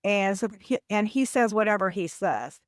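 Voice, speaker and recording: A woman guest on a podcast interview, explaining habits in a measured, example-filled conversational way. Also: mid-range voice, animated, no echo. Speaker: podcast guest, communication coach.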